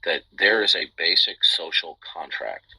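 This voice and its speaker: A man with a very low, deep voice that still sounds sharp and bright hosts a live audio chat room. His voice is rough and husky, and he talks in bursts, repeating himself and checking in with "okay?" again and again. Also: unhurried, poor audio.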